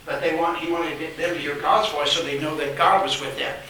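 A man's voice: fairly high pitch, little pitch movement, a little fast, bright, forceful tone, far from the mic, slight background noise. A man preaching a sermon, emphatic and repetitive, reading scripture aloud in a church hall. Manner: emphatic, repeats phrases, reads scripture aloud. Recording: very echoey room, voice off-mic.

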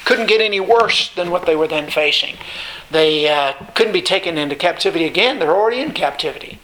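A man teaching a Bible study lecture, stressing points with repetition and pausing often on filler sounds. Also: on the high side, animated, sharp tone, low-quality recording.

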